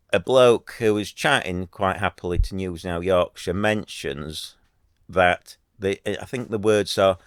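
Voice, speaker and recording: A man's voice: low-pitched, clear, resonant tone, no echo, studio quality. Earnest rambling man. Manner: earnest, rambling with many restarts and fillers. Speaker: YouTuber. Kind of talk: casual commentary to camera.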